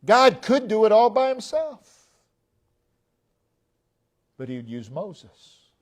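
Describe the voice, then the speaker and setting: A man with a high voice delivers a sermon at a slow, deliberate pace. He preaches with emphasis, pushing key phrases out loud and letting their endings drop soft, recorded in a church. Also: big pitch swings. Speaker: pastor. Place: church sanctuary.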